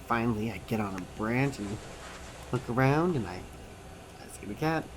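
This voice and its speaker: A man voicing a signed personal story as an interpreter, animated and acting out the quotes and sounds. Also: mid-range voice, moderate pace, slight background noise, rough recording. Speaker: sign-to-voice interpreter.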